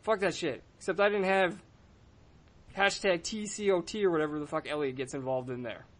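Animated, profane male podcast host. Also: a little high, fairly quick. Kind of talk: casual chat and storytelling.

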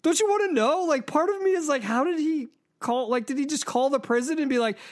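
A man's voice: very high-pitched, a little fast, few pauses. A man hosting a casual podcast, joking and laughing as he talks and reviews films. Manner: animated, joking, laughs while talking. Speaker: podcast host and movie reviewer. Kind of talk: casual chat.

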